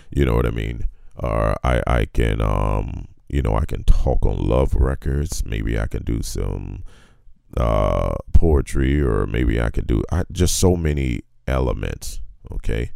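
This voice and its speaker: Super deep gravelly guy, mellow and slow-drawn, talks loose and easy about himself. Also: dry recording, studio quality. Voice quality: very deep bass voice. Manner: laid-back, colloquial, drawn-out emphasis. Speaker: guest. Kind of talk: casual motivational storytelling.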